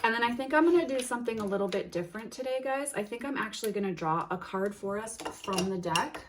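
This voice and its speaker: A woman hosting a tarot unboxing, reading card titles aloud in a gentle, admiring way with soft exclamations. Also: mid-range voice, slight background noise. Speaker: tarot reader and channel host.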